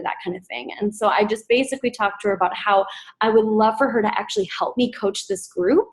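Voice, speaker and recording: Speaking fairly quickly, a woman coaching her team gives recruiting tips in a relaxed, upbeat presentation full of filler words. She switches to a high, excited voice whenever she quotes other people.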